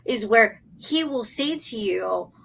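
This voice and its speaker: A woman's voice: a little high, lively intonation, slow pace, creaky, fairly bright tone, poor audio. A woman hosting a casual interview, eagerly sharing personal stories as a mother. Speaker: podcast host and mother.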